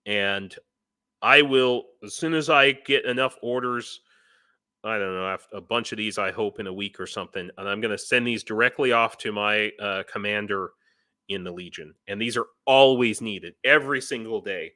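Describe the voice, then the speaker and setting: A man's voice: lowish voice, moderate pace, pushed and bright. An American man, a volunteer in Ukraine, talking loosely in a casual live-stream chat and chuckling between points. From United States. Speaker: guest, foreign volunteer in Ukraine.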